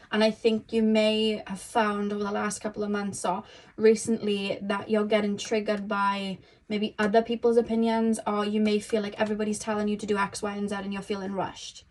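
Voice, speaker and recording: A young woman giving a casual tarot reading, chatty and rambling, full of "you know" and "um". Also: medium pitch. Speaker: tarot reader.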